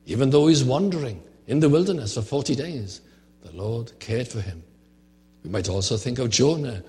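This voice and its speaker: A man preaching a sermon, his voice sitting fairly low. He speaks earnestly, turning often to rhetorical questions for his listeners. His words ring out with a long reverb. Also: a little mellow.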